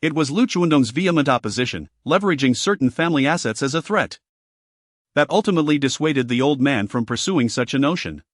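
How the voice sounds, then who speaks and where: A man narrating a serialized novel in an even, formal storytelling manner. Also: medium pitch, brisk, no room sound, studio quality. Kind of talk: scripted audiobook narration.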